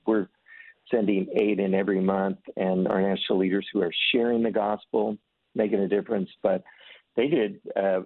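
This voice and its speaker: A low, gravelly man with a husky edge talks earnestly, slipping into voices for the people in his stories. He comes through a thin, tinny phone line with a dry sound. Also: no room sound. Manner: earnest storyteller, acts out voices in anecdotes. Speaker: ministry leader. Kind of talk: conversational testimony.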